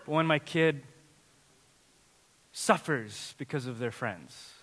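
Animated preacher man in a big hall. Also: medium pitch, slow. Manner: animated storytelling, shifting from loud to hushed. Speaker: pastor. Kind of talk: sermon. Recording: long hall reverb.

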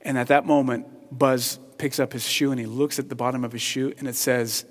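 A man preaching a sermon with passion, swinging between hushed, tender passages and loud, excited ones. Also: mid-range voice, moderate pace, hardly any pauses, big-room sound. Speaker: pastor.

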